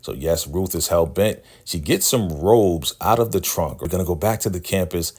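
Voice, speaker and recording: A man casually recapping a TV episode in a slangy, animated way, often checking in with "right?". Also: low voice, moderate pace, husky. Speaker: show recap host.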